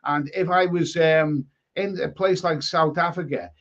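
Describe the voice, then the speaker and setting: Here the English stream host talks a little slowly, his voice slightly high, steady, and fairly bright. He goes through chat comments aloud with blunt takes, repeating and restarting his words a lot, all over dull lo-fi audio.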